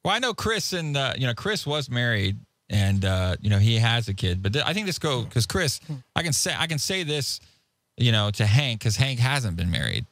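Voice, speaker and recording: A man in his forties hosting a casual talk show, telling a rambling, animated story full of side trails. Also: medium pitch, normal speed, no room sound. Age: 40s. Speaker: host. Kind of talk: casual podcast chat.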